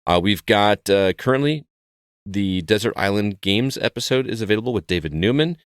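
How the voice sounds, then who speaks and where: A man with a very deep, resonant voice hosts a laid-back gaming podcast. He chats loosely with his co-hosts and runs through announcements in an easy tone. The sound is dry and close. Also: normal speed, clear, resonant tone, dry recording. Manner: relaxed and chatty, reads show plugs. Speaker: podcast host. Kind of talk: casual podcast chat.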